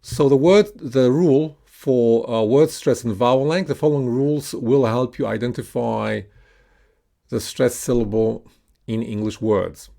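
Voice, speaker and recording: Slow, gravelly male pronunciation teacher. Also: medium pitch, dark tone. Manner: patient, deliberate, stretches words out to model stress. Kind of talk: slow instructional lesson with repeat-after-me drills.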